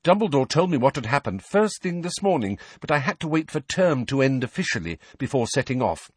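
A man reading aloud and voicing a brisk, impatient teenage schoolgirl who lectures her friends in an audiobook. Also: medium pitch, sing-song, slightly rough, no echo, voice pushed up. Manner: brisk, impatient, know-it-all.

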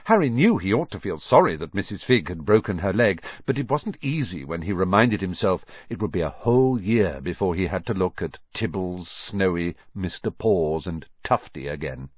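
Man narrator, expressive audiobook read, husky, dry dull sound. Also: low voice, moderate pace, few pauses, no room sound. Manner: expressive, lively storytelling.

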